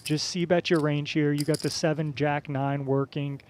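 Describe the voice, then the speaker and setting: A man's voice: a little high, flat delivery, moderate pace, slight background noise. A man giving live poker commentary in a chatty, coaching manner, explaining strategy as he goes.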